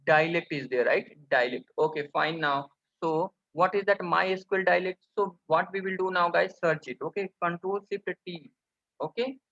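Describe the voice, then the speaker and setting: A programming instructor narrates a screen-recorded coding tutorial, repeatedly asking "what?", posing rhetorical questions and calling viewers "guys." His high voice is bright, sharp and creaky, at a moderate pace. The audio is dull and lo-fi.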